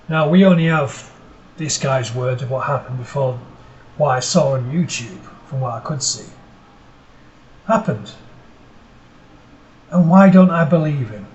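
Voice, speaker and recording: A man's voice: medium pitch, a little mellow. A man with a cold, giving skeptical, sarcastic reaction commentary as a host. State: has a cold. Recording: roomy, distant mic, faint noise.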